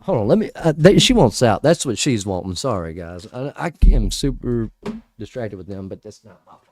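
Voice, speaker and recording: Lively, mellow-voiced man reading scripture. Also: fairly low pitch, normal speed. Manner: chatty, easily distracted, laughs at himself. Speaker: host reading scripture to a live chat. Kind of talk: casual livestream Bible reading with commentary.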